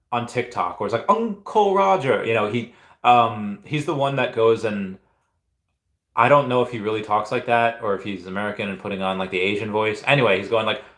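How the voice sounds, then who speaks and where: A man's voice: lowish voice, fairly bright tone, roomy sound. A man in his thirties, originally from Peru, chatting casually on a live stream and reading out comments, rambling with many restarts. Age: 30s. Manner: rambling, halting, lots of restarts.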